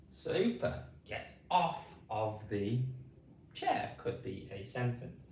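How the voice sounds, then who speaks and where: A British man teaching phonics, repeating drawn-out vowel sounds slowly for beginners. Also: mid-range voice, animated, reverberant, distant mic, slight background noise. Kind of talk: slow spoken pronunciation lesson.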